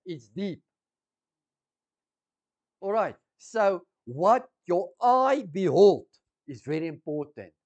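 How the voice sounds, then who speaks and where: A man preaching a sermon, teaching slowly, repeating key words and asking the congregation questions. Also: on the high side, darkish tone.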